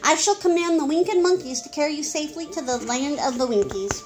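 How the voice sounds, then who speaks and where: Woman voicing a kindly old witch, gentle, measured, storybook, music behind. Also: sits high, lightly acted.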